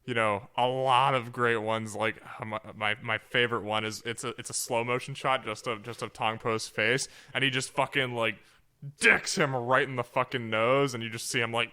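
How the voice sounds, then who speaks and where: A man's voice: mid-range voice, fairly even intonation, normal speed, pushed and bright, clear, resonant tone. A man co-hosting a casual movie podcast, rambling and swearing, often breaking into laughs. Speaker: podcast co-host. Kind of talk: casual movie review chat.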